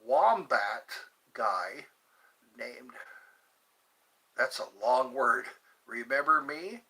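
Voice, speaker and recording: Reading out viewers' comments and replying with playful jokes, this live-streamer in his fifties keeps the chat casual. He has a high-leaning, sharp voice with a breathy edge, captured on a rough recording.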